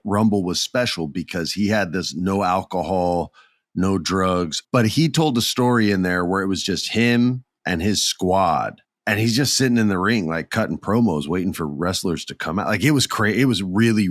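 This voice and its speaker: Middle-aged guy with a real low voice, excited chatty wrestling talk, dry close sound. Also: no room sound. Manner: enthusiastic, chatty, animated. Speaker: podcast host. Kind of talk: casual wrestling commentary.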